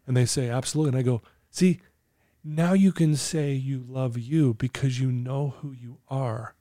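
Earnest man with a warm voice. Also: medium pitch, steady tone, normal speed, no room sound, clean studio sound. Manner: earnest, acts out dialogue with clients. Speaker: podcast guest, client coach. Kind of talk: conversational storytelling interview.

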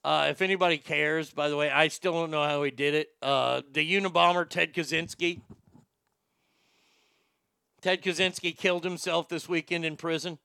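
A man hosting a podcast, ranting with sarcastic, profane bluster. His voice is bright and forceful, with a crisp, clean tone. The sound is close and dry, with no room around it. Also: a little high, steady tone, moderate pace, dry recording. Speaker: podcast host. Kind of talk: opinionated talk show rant.

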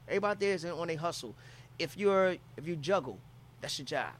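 Philly man, casual storyteller, curses freely, acts out quotes, slightly high voice, faint room ambience. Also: a little fast, slight background noise. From Philadelphia. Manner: profane, animated storytelling with acted-out quotes. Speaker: comedian telling a travel story.

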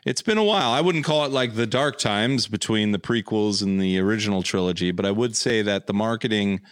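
A man's voice: lowish voice, a little fast, no room sound, studio quality. A man hosting a podcast, joking around and rambling in casual chat. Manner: jokey, rambling. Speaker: podcast host.

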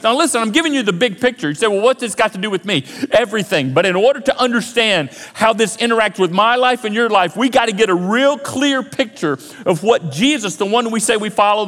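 A male pastor with a high voice preaching a sermon, animated, dropping into quoted voices to act out scenes. His words ring out with a long hall reverb behind them.

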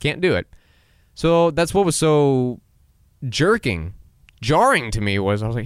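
A young man in his twenties hosts a solo podcast in a casual pep-talk style. His pitch swings widely as he acts out quotes and laughs along, and the close mic leaves the sound dry with no room behind it. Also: sing-song, unhurried, pauses often, clear, resonant tone, no echo. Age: 20s. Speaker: podcast host.

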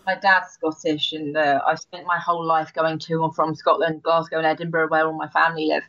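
Chatty Londoner woman, lowish voice. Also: little pitch movement, fairly quick, a bit bright, dry recording, highs cut off. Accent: English. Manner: chatty, laughs often, repeats words when starting. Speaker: podcast guest. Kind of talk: casual chat.

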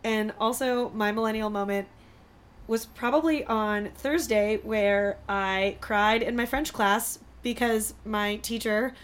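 A woman's voice: fairly high pitch, steady tone, slow, clear, resonant tone. A young woman, a podcast producer, telling a story in casual chat, hesitant and self-deprecating.

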